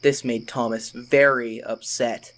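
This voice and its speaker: A narrator telling a children's toy-train story in an expressive, storybook manner. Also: medium pitch, a little slow, low-quality recording.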